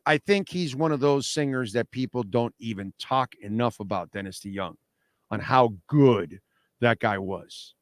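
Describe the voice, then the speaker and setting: A man's voice: mid-range voice, dry recording. A man hosting a radio show, talking in a casual, emphatic way and often repeating himself. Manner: animated, emphatic, repeats words. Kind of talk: casual sports radio talk. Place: radio studio. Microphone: studio microphone.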